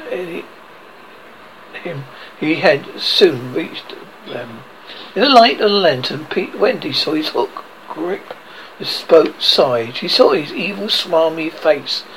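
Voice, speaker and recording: A man narrating a children's storybook aloud, reading haltingly with frequent restarts. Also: on the high side, lively intonation, fairly bright tone, slight background noise, rough recording. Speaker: reader. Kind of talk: audiobook narration.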